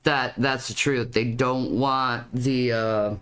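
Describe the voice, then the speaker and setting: A woman's voice: very deep voice, fairly even intonation, slow pace, fairly bright tone. A woman commenting on a video clip, often stammering and repeating her words. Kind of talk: reaction commentary.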